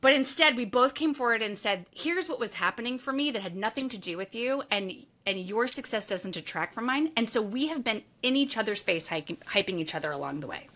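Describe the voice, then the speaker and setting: A woman's voice: on the high side, fairly quick, few pauses. A woman author being interviewed on a podcast, telling candid stories and acting out her own thoughts, swearing now and then. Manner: candid, animated storytelling with acted-out inner quotes and swearing. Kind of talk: conversational interview.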